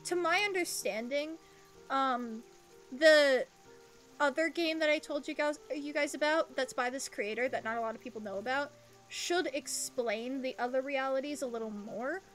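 A young woman streaming a game, chatting between lines and reading its dialogue aloud in an excitable, giggly way. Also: high voice, moderate pace, soft background music. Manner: excitable, giggly, reads in character voices.

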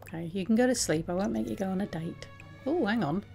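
A woman's voice: medium pitch, fast, gravelly, mellow, faint music behind. A woman giving casual, chatty commentary on her game, talking to her characters and laughing often. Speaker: let's play host.

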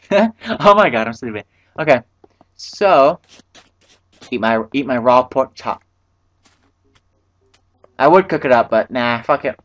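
A man's voice: mid-range voice, lively intonation, slow pace, long pauses, fairly bright tone, dull audio. A man giving casual let's-play commentary, rambling to himself and swearing freely. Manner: rambling, profane, talks to himself. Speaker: gameplay commentator.

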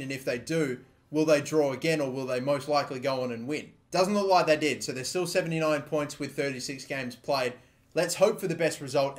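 Excitable gamer, swearing at the match. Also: male voice, on the high side. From Australia. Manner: excitable, swears, shouts at the game. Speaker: gaming YouTuber. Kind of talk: live gameplay commentary.

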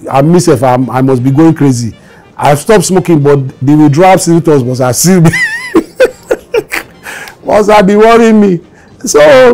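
Animated Nigerian man telling stories. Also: a little high. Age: 22 in 1984, now 50s. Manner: animated storyteller acting out quoted voices. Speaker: musician interviewee. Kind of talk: storytelling interview.

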